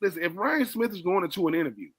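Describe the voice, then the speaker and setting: A man's voice: high-pitched, expressive, fast talker, fairly bright tone, breathy edge. A man co-hosting a sports radio show, giving emphatic analysis, repeating words for stress and talking straight to his partner. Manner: talks straight to his co-host.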